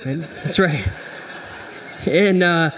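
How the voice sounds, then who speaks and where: A man's voice: fairly high pitch, slow pace, a bit bright, big-room sound. Conversational male pastor preaching. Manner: conversational, humorous, asks "right?" often. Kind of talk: sermon.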